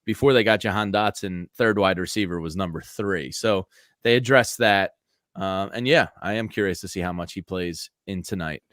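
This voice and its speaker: A man co-hosting a sports podcast, reading ads in a chatty, energetic way and talking football casually. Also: low voice, moderate pace, no room sound, clean studio sound. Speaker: podcast co-host. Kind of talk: casual sports chat with host-read ads.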